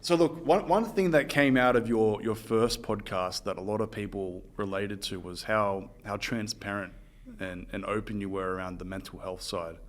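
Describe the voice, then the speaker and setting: A man's voice: lowish voice, moderate pace. A man with an Australian accent, hosting a podcast interview and telling stories in a chatty way, often breaking into laughter. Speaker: podcast host. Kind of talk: casual interview chat.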